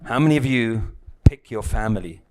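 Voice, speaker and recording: A man leads a spiritual lesson for a live audience in a relaxed, conversational way. His voice sits at an ordinary middle pitch. He teases his listeners and keeps checking in with short questions. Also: normal speed, background noise. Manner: conversational, teasing, keeps checking in with "yeah?" and "right?". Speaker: spiritual teacher.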